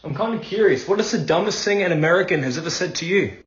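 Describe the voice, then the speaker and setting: A man asking a curious question, quick and to the point, in an echoey room. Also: sits high, lively intonation, dull audio. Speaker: prompt asker.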